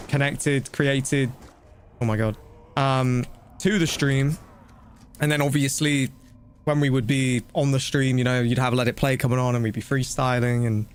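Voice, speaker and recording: Male streamer, mid-pitched, casual rambling commentary with a soft ambient hiss. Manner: chatty, rambling, quick exclamations. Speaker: gaming streamer.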